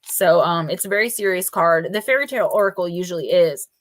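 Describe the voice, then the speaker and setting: A woman's voice: on the low side, a little fast. A woman hosting a live oracle card reading stream, talking casually and informally and calling out viewers by name. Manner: chatty and informal, with loose fillers and mild swearing.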